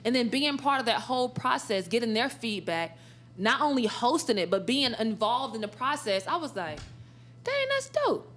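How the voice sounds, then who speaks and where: Animated high-voiced woman telling stories. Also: normal speed. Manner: animated, laughs often, acts out quoted dialogue. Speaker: esports sportscaster and college instructor, interview guest. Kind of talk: casual storytelling in an interview.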